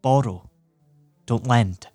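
Man playing cool cynical schemer, calm, persuasive, lecturing, audiobook, faint music. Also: medium pitch, slow pace, dry recording. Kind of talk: audiobook reading.

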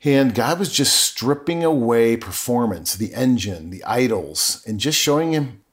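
A man's voice: medium pitch, lively intonation, measured pace. Earnest man telling his story. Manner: earnest and emotional, with frequent self-corrections. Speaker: podcast guest. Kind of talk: candid personal storytelling.

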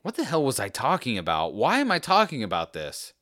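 A man's voice: medium pitch, wildly swooping pitch, fairly quick, pushed and bright, no echo, studio quality. A man in casual chat, rambling off on tangents with jokey, self-deprecating asides.

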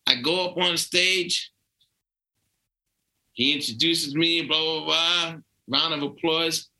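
A man's voice: on the high side, a little slow, creaky, low-quality recording. A man from New York with a New York accent, a comedian guest telling a story in casual chat and acting out the people he quotes. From Brooklyn/Long Island, New York. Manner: animated, acts out quoted voices.

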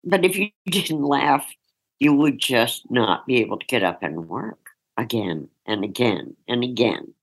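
A woman's voice: a bass voice, lively intonation, measured pace, rough recording. Frank woman storyteller, laughing as she recalls. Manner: breaks into laughter while recounting, vivid and frank. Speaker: journalist recalling a field assignment. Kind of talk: candid storytelling in an interview.

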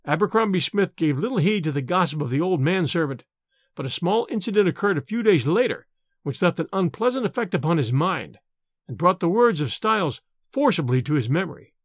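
A male storyteller reading a horror tale with lively, rising and falling pitch. His voice sits high for a man. The recording is close and dry. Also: brisk, no room sound. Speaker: narrator. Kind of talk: scripted audiobook narration.

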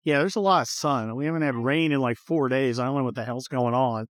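A man's voice: mid-range voice, a little fast, no echo. A man hosting a podcast from inside a car, giving blunt, profane opinions in a rambling, casual way with lots of fillers. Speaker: podcast host.

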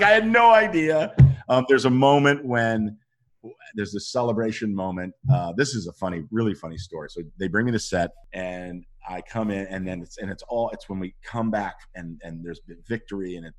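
A middle-aged man, an actor, telling animated stories in a casual interview and acting out what people said. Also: deep voice, fairly quick. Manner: animated storytelling, acts out quotes. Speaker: actor guest.

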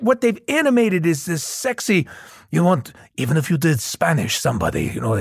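A middle-aged man chatting as an interview guest, his pitch swinging widely as he tells stories. The voice has a gravelly edge and the sound is dry and close. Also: brisk, no echo. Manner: animated storyteller, many restarts. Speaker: guest voice actor. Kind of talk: casual interview chat.

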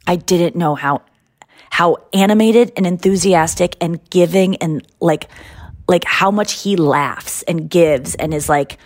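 In clean studio sound with no echo, a woman from the United States speaks at a measured pace in a voice on the low side. As a podcast host in casual chat, she tells a story animatedly, acting out the people she quotes.

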